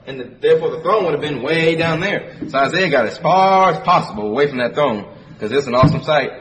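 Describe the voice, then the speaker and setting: A man's voice: on the high side, expressive, fairly quick, a crowd in the background. A man preaching a sermon who reads scripture aloud and explains it conversationally, repeating phrases for emphasis. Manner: reads scripture in King James wording, then explains it conversationally. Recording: distant mic with faint background noise.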